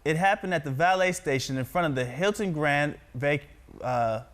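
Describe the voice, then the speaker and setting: A man reads practice news copy aloud in a slightly high voice. He stumbles over hard names and repeats the corrections. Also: a little fast, fairly bright tone. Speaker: trainee practicing news reading. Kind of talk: practice news reading with coaching.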